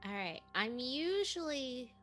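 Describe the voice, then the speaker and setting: A woman's voice: high-pitched, sing-song, fairly bright tone, faint music behind. Chatty woman playing a tabletop game. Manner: chatty, quick, describes her character in detail. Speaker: player.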